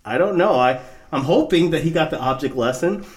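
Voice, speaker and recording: A man co-hosts a relaxed Bible study conversation, his voice sitting a little on the high side. He is animated, laughs easily, and slips into dramatic readings of scripture. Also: fairly quick. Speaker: co-host of a Bible study show. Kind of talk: casual Bible study discussion.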